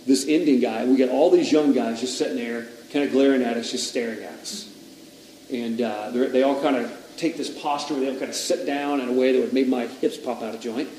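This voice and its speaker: A man preaching a sermon with a mellow, dark voice, heard from a distance in an echoey hall. He tells his story with animated intensity and quotes other people as he goes. A faint ambient hum sits behind him. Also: mid-range voice. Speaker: pastor.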